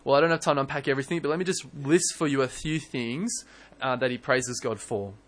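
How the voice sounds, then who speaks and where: A young man preaching a sermon in church, earnest and animated, often restarting his words. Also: mid-range voice, fast talker. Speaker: pastor.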